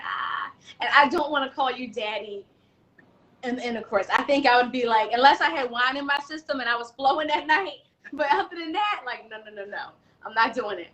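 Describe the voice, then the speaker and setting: A woman guest on a talk show, outspoken and animated, sharing her opinions. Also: high voice, rough recording. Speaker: guest, doula and self-love specialist. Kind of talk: casual chat.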